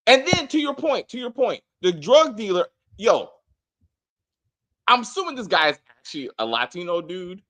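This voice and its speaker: A man's voice: high voice, very animated, normal speed, pushed and bright. Guy ranting hard about a tv episode, swears a lot, voice jumps all over. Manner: emphatic, profane ranting. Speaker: co-host of a TV review show. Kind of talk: casual spoiler review chat.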